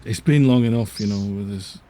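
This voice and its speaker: A man's voice: lowish voice, a little fast, mellow, slight background noise. A man playing a tabletop game, casual and laughing, swearing offhandedly. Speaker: player.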